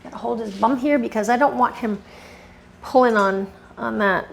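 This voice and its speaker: Female groomer, gravelly fry, a bit high, chatty tutorial voice, coaxing then firm with a dog. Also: normal speed. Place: grooming table indoors.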